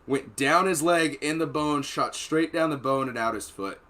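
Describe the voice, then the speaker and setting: A man's voice: a little high, normal speed, pushed and bright. Profane, rambling male storyteller. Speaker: podcast host; former Marine. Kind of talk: casual storytelling chat.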